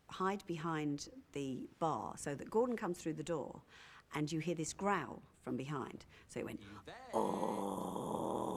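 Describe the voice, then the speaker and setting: An actress recalling her sitcom days, animated and acting out her old lines as she talks. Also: deep voice, slight background noise. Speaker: actress interviewed. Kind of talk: anecdotal interview.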